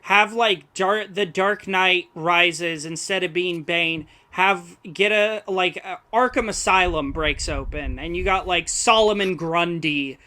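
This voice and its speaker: A young man in a casual film discussion, talking in a halting way as he searches for words, with loose, amused slang. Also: high voice, bright, forceful tone. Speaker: film podcast co-host.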